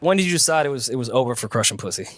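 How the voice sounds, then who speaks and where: A man's voice: mid-range voice, lively intonation, racing, dry recording. A male podcast host who banters with his guest and throws out provocative jokes. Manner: joking, provocative.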